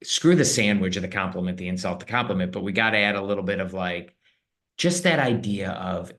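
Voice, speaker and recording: Low-voiced leadership coach guest. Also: male voice, brisk, fairly bright tone. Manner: earnest, coaching, emphatic delivery. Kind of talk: casual interview talk.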